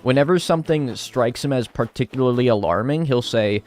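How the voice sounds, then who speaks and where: American dude streaming, super animated up and down voice, jokey, swears a lot. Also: male voice, mid-range voice, a little fast, hardly any pauses, faint music behind. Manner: animated, joking, swears freely. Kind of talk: casual live-stream chat while playing a game.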